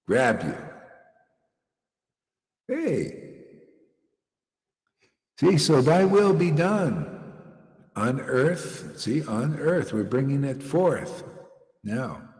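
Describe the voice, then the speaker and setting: A man's voice: mid-range voice, sing-song, drawn-out words, long pauses, darkish tone. A man giving an informal devotional talk as a teacher, emphatic and full of rhetorical questions and repeated phrases. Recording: echoey room with long reverb.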